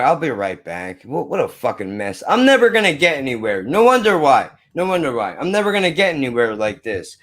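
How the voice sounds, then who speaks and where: A man rants live to his stream, his voice pitched a touch high. He mutters and swears in exasperation, half to himself and half to the chat. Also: fairly bright tone. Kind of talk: frustrated off-the-cuff rant.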